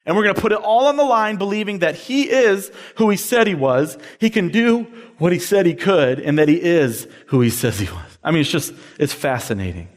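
High-voiced preacher man in a reverberant hall. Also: brisk, few pauses. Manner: animated, acts out quoted voices. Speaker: campus minister. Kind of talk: sermon to college students.

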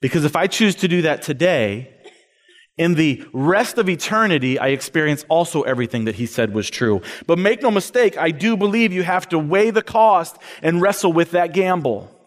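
A man preaching a sermon to college students as a campus minister, animated, acting out the voices he quotes. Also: on the high side, normal speed, in a large hall.

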